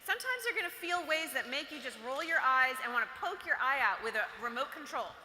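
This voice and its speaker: A high-voiced woman with a very bright, clear tone gives a chatty, playful motivational talk to girls. She is recorded in a large hall that rings with a long reverb. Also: animated, fast talker, slight background noise. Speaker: workshop speaker for girls. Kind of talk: motivational talk to a live audience.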